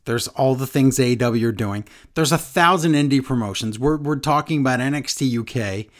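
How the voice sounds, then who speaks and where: A man's voice: mid-range voice, a little fast. A man hosting a podcast, chatting casually and rambling, often correcting himself. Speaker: podcast host. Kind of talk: casual chat.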